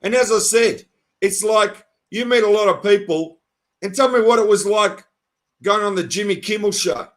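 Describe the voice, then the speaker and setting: Brief: male host, high voice, eager casual interviewer. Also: normal speed.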